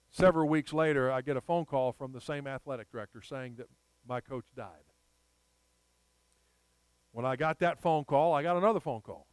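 A man's voice: medium pitch, normal speed, long pauses, clear, resonant tone, no echo. A man preaching a sermon, telling a personal story and rising to emphatic appeals.

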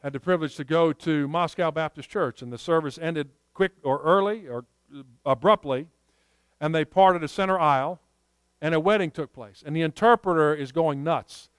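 Earnest preacher man with a smooth voice. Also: fairly high pitch, moderate pace, dry recording. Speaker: pastor. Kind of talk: sermon.

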